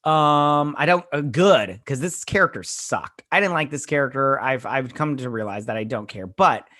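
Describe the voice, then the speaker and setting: A man's voice: medium pitch, lively intonation, moderate pace, bright, forceful tone. A man hosting a casual episode recap, rambling with lots of fillers and blunt opinions. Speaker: show host reviewing a TV episode.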